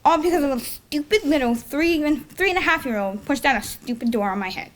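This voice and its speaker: High-voiced young woman telling a story. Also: expressive, fairly quick. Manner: rambling, self-correcting, chuckles at her own story. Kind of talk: personal story told on stage. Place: live storytelling event before an audience. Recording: faint noise, live event.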